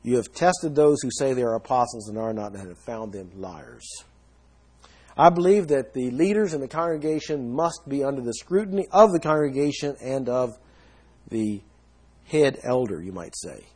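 A man's voice: mid-range voice, expressive, moderate pace, a little mellow, husky. A man preaching a sermon in an earnest teaching tone, leaning hard on key words. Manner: earnest teaching tone, emphatic stresses.

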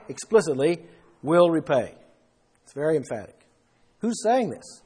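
A man's voice: on the high side, lively intonation, normal speed, pauses often, slightly rough. A man preaching a Bible sermon, explaining verses with emphatic rises in his voice. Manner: emphatic, rising for stress.

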